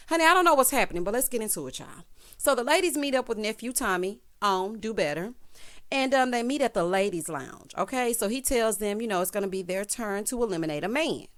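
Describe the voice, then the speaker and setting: A woman in her thirties recaps a reality show with sass and animation, sprinkling in "honey" and "child" along the way. Her pitch is medium.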